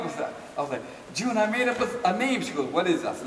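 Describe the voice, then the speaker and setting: An older man tells a story to an audience, lively and laughing, acting out the voices of the people he quotes. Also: fairly high pitch, fast talker, hardly any pauses. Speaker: dance teacher telling a story. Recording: echoey hall from far off with noise.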